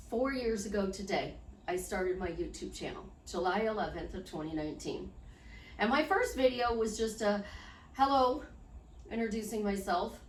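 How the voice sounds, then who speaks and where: A woman's voice: mid-range voice, moderate pace, slight background noise. Chatty woman life coach, echoey room. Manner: chatty, animated, upbeat self-promoting. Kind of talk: unedited casual vlog. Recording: echoey room, distant mic.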